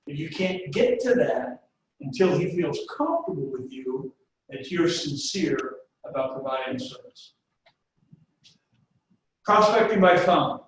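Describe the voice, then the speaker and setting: A man running a webinar sales presentation, pitching his points through homespun stories and direct questions to the listeners. His fairly high voice comes from a mic set some way off. The room is strongly echoey, with a faint hiss underneath. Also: expressive, a little slow, long pauses, recorded from a distance. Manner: folksy, anecdote-driven, talks straight to the audience. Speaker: sales trainer.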